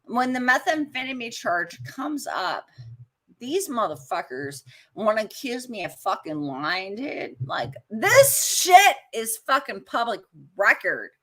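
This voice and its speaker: A woman co-hosting a casual podcast on a video call, ranting heatedly and swearing constantly. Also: slow pace. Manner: lively, swinging pitch. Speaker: co-host.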